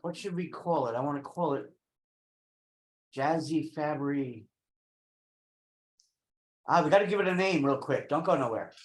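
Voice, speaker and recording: A man's voice: a little high, animated, fast, few pauses. A man in a casual online meeting, bantering playfully.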